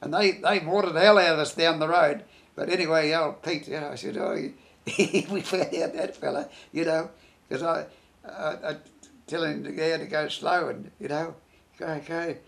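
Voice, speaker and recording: Older veteran interviewee, gravelly fry in the voice, rambles and restarts as he recalls. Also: on the high side, fairly even intonation, a bit bright. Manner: rambling, halting, many restarts and "you know". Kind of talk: reminiscing interview.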